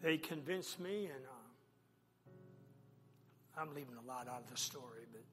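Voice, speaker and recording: A man preaching as a pastor, telling a personal story with animated delivery and acting out the dialogue. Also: mid-range voice, unhurried. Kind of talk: sermon storytelling. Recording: long echo of a large hall, faint music.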